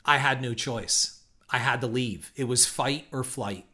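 A middle-aged man tells a story from his own life on his podcast, candid and reflective. He curses now and then. His voice is bright and forward, with a pitch that sits in the middle. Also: unhurried. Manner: candid, reflective, occasional swearing. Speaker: podcast host. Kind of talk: personal storytelling monologue.

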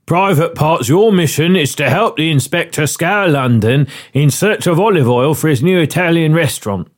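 Man doing a brisk bossy police commissioner. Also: fairly high pitch, animated, close to an everyday voice. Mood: commanding.

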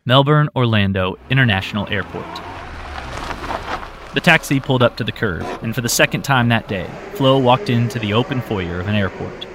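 A man reading a story aloud as narrator in a steady, measured way. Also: mid-range voice, noisy background. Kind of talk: audiobook narration.

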